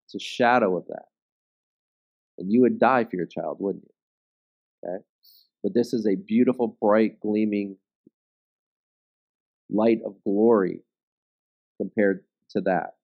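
A man's voice: on the low side, takes it slowly, creaky, long pauses, highs cut off. Man teaching a Bible study. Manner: conversational, checks in with "okay?".

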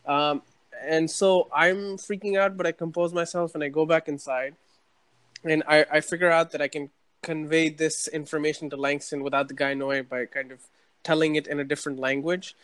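Young man telling an animated story. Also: fairly high pitch, moderate pace, smooth, dry recording. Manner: animated storyteller, acts out quotes. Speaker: storyteller recalling university days. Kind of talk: casual podcast chat.

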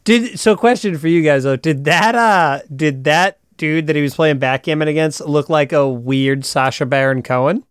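Clear-voiced man recapping with gusto. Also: on the high side, normal speed, hardly any pauses, dry recording, clean studio sound. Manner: animated retelling that acts out quoted characters. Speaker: podcast co-host. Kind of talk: casual TV episode recap chat.

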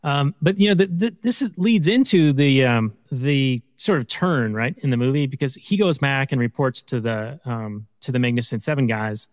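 A man's voice: mid-range voice, moderate pace, hardly any pauses, dry recording, long reverb tail. A man co-hosting a casual podcast, chatting about a film and retelling its scenes. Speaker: podcast co-host. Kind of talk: casual movie review chat.

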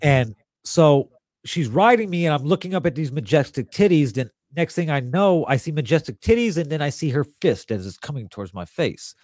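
A young man telling a crude story in casual podcast chat, rambling and animated. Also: a little high, normal speed, no room sound, studio quality.

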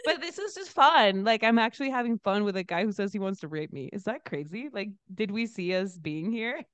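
A woman's voice: medium pitch, expressive, a little fast, a bit bright, clear, resonant tone, dry recording. A young woman co-hosting a podcast, chatting candidly, laughing often and acting out quotes. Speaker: podcast co-host. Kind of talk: casual chat.

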